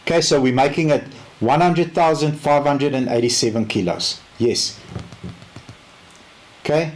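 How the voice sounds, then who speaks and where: Animated South African man telling a story. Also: on the high side, a little slow. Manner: animated, acts out both sides of a story. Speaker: car sales trainer. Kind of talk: casual storytelling training talk.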